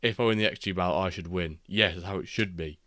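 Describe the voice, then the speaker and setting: A man, chatting casually and reacting excitably while hosting a live football watchalong stream. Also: low-pitched, fast talker, no room sound, clean studio sound. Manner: rambling, excitable reactions to match action.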